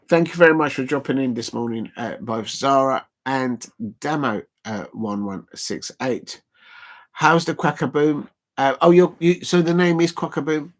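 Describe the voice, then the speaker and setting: A man's voice: mid-range voice, expressive, measured pace. A man hosting a casual live stream watch-along, rambling and chuckling as he chats to viewers.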